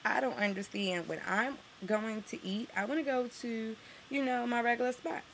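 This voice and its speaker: A woman's voice: on the high side, normal speed, fairly bright tone, a little hiss or hum. A woman from Harlem with a New York accent, ranting to camera as a vlogger, profane and sarcastic, her voice jumping up when she gets outraged.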